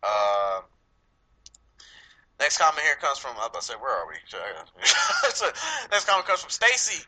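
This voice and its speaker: Animated laughing LA guy. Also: mid-range voice, moderate pace, low-quality recording. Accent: Los Angeles. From Los Angeles. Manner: loose, swears often, laughs a lot. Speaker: podcast host. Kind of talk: casual chat.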